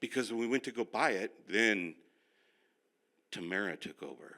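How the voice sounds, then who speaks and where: Animated pastor with a bright voice. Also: male voice, fairly low pitch, normal speed. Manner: animated storytelling, self-mocking, talks straight to the room. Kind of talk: humorous sermon-style teaching.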